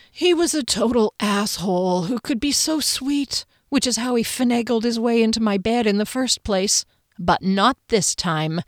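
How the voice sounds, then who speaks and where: A woman's voice: on the high side, lively intonation, normal speed, dry recording, studio quality. A woman reading a first-person audiobook in a conversational, wry storytelling manner. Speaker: audiobook narrator.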